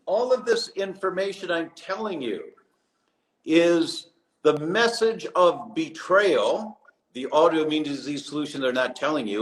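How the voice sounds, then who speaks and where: On a rough recording, a man with a voice on the high side appears as a guest in a remote live session from abroad. He's an animated storyteller who performs the voices of those he quotes.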